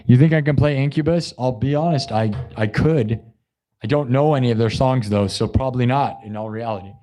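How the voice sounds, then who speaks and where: Hours of yelling have left this young live streamer hoarse and sore-throated. In a casual, effusive ramble he gushes thanks to his viewers, bouncing between loud hype and quiet asides. His pitch is medium, his pace a little fast, and there's slight background noise.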